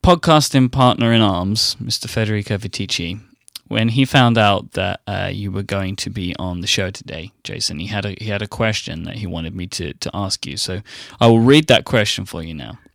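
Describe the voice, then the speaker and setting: A man's voice: lowish voice, normal speed, creaky, hardly any pauses, fairly bright tone, dry recording, clean studio sound. A man co-hosting a podcast in casual, joking chat. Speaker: podcast co-host.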